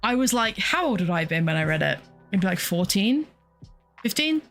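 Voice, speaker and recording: A young woman hosts a casual solo chat at a mid-range pitch. She talks in a loose, rambling way, with frequent exclamations and laughter. Faint music plays underneath. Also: big pitch swings, normal speed, creaky, a bit bright. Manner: rambling and chatty, exclaims often, laughs a lot. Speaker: podcast host and streamer.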